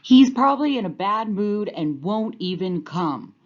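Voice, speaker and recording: Storybook figure: woman voicing a plain-spoken male dog, unhurried, muffled recording. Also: mid-range voice, lively intonation, voice pushed up. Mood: doubtful. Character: mild, doubtful male dog. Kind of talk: storybook read-aloud.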